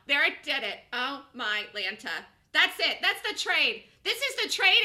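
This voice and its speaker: A woman day trader giving excited live commentary on her trades, swinging between muttered asides and shouted calls. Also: sits high, moderate pace, few pauses. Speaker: day trader streaming a live trading room.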